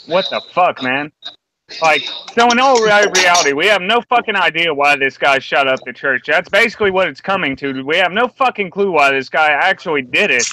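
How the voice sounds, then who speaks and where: A man's voice: a little high, sharp tone, a little hiss or hum, low-quality recording. An angry man ranting and swearing heavily as a co-host in a round table discussion. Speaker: podcast co-host.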